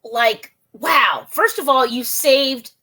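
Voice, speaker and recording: A woman's voice: sits high, takes it slowly, pushed and bright, breathy edge. A woman hosting an interview show who talks in an enthusiastic, rambling way, full of exclamations. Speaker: podcast host. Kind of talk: casual interview chat.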